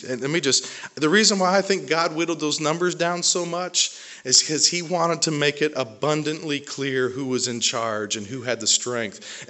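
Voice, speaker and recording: A man's voice: a little high, bright, forceful tone. A man preaching a sermon, retelling a story with acted-out voices, frequent restarts and joking asides. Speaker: pastor.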